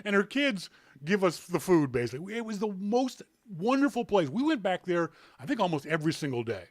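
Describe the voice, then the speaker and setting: Animated Canadian man, lively pitch. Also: brisk, dry recording. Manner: animated storyteller, laughs often. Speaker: podcast host. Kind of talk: casual chat.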